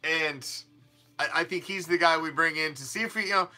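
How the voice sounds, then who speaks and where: A man's voice: a little high, brisk, pushed and bright, faint music behind. A man hosting a fan sports show, talking casually in a rambling, emphatic way with frequent restarts and some swearing. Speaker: fan podcast host.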